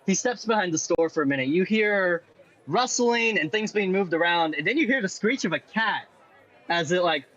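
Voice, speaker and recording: Lively, high-voiced male game master. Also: normal speed, lo-fi sound, a faint crowd. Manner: animated, playful narration. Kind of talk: narrating a tabletop game.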